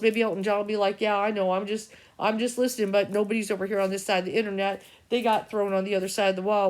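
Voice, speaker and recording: A middle-aged woman, an intuitive reader, rambling through an agitated, profane, stream-of-consciousness vlog rant. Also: medium pitch.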